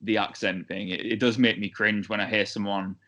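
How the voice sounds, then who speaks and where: A man with a Hull English accent hosts a relaxed interview in a low voice. He throws in short agreements and laughs easily. His talk is easygoing and friendly in tone. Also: fairly quick. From Hull, England. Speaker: podcast host. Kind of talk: casual interview chat.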